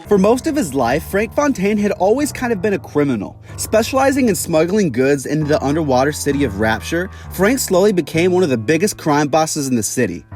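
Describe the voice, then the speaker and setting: A man's voice: on the high side, very animated, a little fast, hardly any pauses, darkish tone, faint music behind. A young man hosting a casual video review series, talking about game villains in a chatty, opinionated way.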